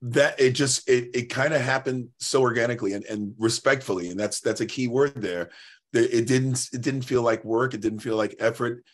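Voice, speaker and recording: A man's voice: mid-range voice, steady tone, moderate pace. A man, a singer and guest in an interview, talking earnestly in long runs with restarts. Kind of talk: casual interview chat.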